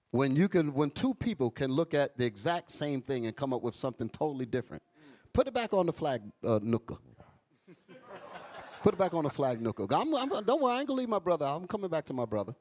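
Animated preaching man, lively pitch. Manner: animated, joking, street talk. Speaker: bishop. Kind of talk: preaching sermon.

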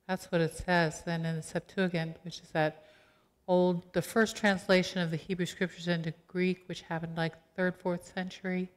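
A middle-aged woman pastor giving a sermon in a conversational, animated storytelling way, acting out quoted voices. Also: on the low side, moderate pace. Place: church sanctuary. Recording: long church reverb.

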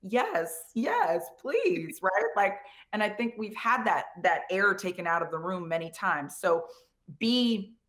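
A woman who coached pro football, answering an interview question in casual, animated storytelling with lots of fillers and quoted voices. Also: medium pitch, a little slow. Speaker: guest speaker, former pro football coach.

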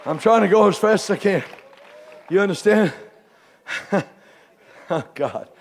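High-voiced man preaching a fiery sermon. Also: expressive, a little slow, vocal fry, a faint crowd, slight background noise. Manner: swings from hushed asides to shouted exhortation; folksy, calls listeners pet names. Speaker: bishop preaching at a camp meeting. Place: live service before a congregation.

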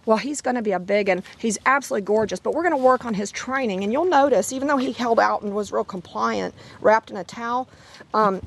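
Out in her yard, a dog breeder with a little-high voice made hoarse by laryngitis rambles casually for a vlog and drifts into sing-song baby talk with the puppies, with a slight hiss or hum in the recording.

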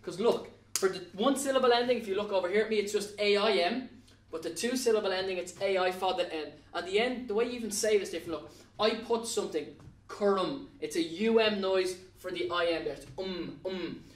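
High-voiced Irish man teaching in an echoey room. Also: quick pace. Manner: spells words out letter by letter, coaxing and encouraging. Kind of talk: recorded grammar lesson. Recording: echoey room, mic at a distance.

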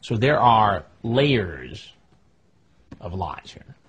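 A man conducting a confrontational news interview, asking calm, measured, pointed questions. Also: on the low side, breathy edge, dull audio.

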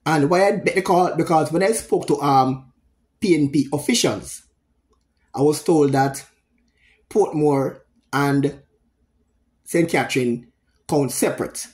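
A middle-aged Jamaican man giving solo political commentary, speaking emphatically and repeating points with frequent pauses. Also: fairly high pitch, a little mellow. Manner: emphatic, repetitive, pausing often.

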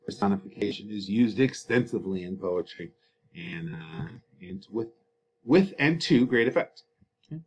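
A man's voice: lowish voice, expressive, moderate pace. A man teaching a recorded lesson over slides, in a casual, chatty way with fillers and joking asides.

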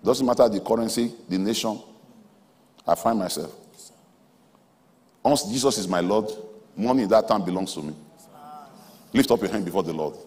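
A man preaching a sermon in a large auditorium, emphatic, swinging between soft asides and loud exhortation. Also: lowish voice, normal speed, pauses often. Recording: hall reverb from a large auditorium.

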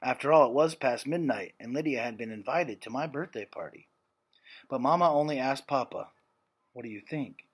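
Husky man reading a story aloud. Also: mid-range voice, a little fast. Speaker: reader.

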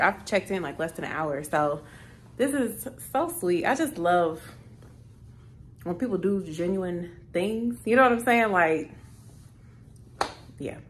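A woman's voice: fairly low pitch, a little hiss or hum. A thirty-year-old woman chatting casually to her camera in a hotel room, easily moved to tears. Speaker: vlogger. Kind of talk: casual vlog chat.

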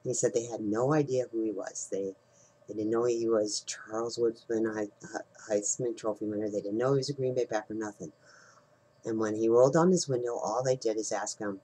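A man's voice: lowish voice, steady tone, fairly quick, warm tone, slightly rough, poor audio. A middle-aged man, telling a story in a rambling, casual way as he leads a team call, with frequent restarts and fillers. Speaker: team leader hosting a call.

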